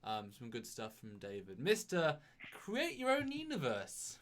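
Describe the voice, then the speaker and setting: Lively, teasing male co-host. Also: mid-range voice, measured pace. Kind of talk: casual live-stream chat.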